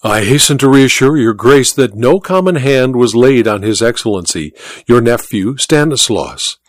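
Man doing suave scheming colonel, deferential, precise, animated delivery, dry close sound. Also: mid-range voice, moderate pace, dry recording, close to an everyday voice. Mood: urbane. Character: scheming male colonel, suave courtly torturer. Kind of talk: audiobook character voice.

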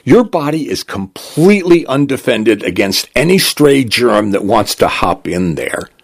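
A dry, matter-of-fact lawyer , as a man reads him in a story, explaining bad news with calm, slightly prissy patience. His voice is gravelly and a little husky, and he takes his time with a lively, rising and falling delivery. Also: mid-range voice, a little slow, heavily acted. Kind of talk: storytelling narration.

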